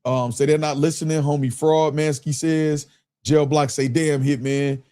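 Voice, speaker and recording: Hosting a live stream, a man reads viewers' super chats aloud in loose, slangy, casual talk. His voice sits on the high side and moves at a normal speed. He has a relaxed drawl and keeps breaking into laughter.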